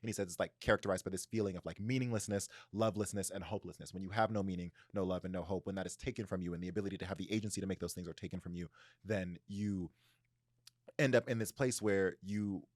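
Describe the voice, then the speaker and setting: A man hosting a book podcast, talking at a rapid clip in an animated, casual retelling full of "like" fillers. His voice sits on the lower side, and the sound is dry and close with no room around it. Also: no room sound. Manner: animated storytelling, heavy filler "like". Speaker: podcast host. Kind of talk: casual book-discussion chat.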